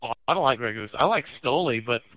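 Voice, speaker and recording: A man's voice: medium pitch, animated, quick pace, fairly bright tone, dry recording, poor audio. A man in casual chat with friends, a college student with an easygoing, teasing manner.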